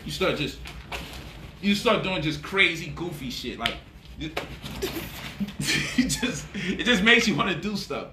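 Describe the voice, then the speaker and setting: A man's voice: high voice, expressive, a little slow, pauses often, background noise. A man talking as a money vlogger in a casual, boastful monologue, swaggering and profane. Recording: roomy echo, voice off-mic.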